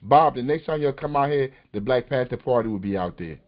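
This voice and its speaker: A man's voice: medium pitch, animated, brisk. A man hosting a political podcast, talking in an impassioned, emphatic and street-casual way. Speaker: podcast host. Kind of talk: passionate political talk. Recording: muffled lo-fi call audio.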